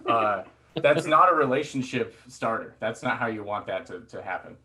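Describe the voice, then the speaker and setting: A man's voice: medium pitch, lively intonation, normal speed, pushed and bright. Rambling self-deprecating male stand-up comic. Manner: rambling, self-deprecating, with many fillers and acted-out quotes. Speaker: stand-up comedian. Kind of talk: stand-up comedy storytelling. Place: theatre stage before a laughing audience.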